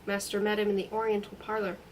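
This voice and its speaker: A woman reads a novel aloud, narrating steadily and expressively. Her voice sits at an ordinary middle pitch for a woman, with nothing pushed or strained. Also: completely flat delivery, quick pace, a little hiss or hum, rough recording. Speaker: reader.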